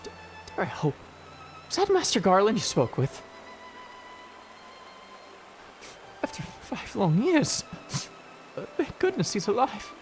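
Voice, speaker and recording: A man voicing a frightened small male adventurer in a put-on Irish accent, stammering and gravelly as he reads game dialogue. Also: sits high, wildly swooping pitch, normal speed, soft background music, pitched above the performer's own voice, exaggerated voice. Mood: relieved. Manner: jittery, breathless pleading. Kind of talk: voice acting a game's dialogue on a live stream.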